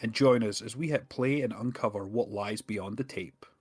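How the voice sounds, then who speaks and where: A man's voice: fairly low pitch, normal speed, music in the background. A man co-hosting a casual podcast, chatting loosely with frequent laughs and fillers. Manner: laughs often, many fillers. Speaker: podcast co-host.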